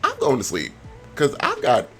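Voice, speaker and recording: A young man giving casual, slangy commentary on a life-sim game, animated and given to sudden high squeals. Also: normal speed, soft background music. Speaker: gameplay vlogger.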